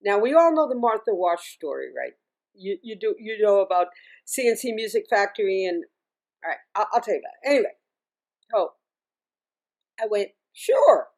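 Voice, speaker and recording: A middle-aged woman, a singer and music teacher, telling stories as an interview guest in a chatty, animated way, often laughing and restarting her sentences. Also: medium pitch, fairly quick, pauses often. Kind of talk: casual interview storytelling.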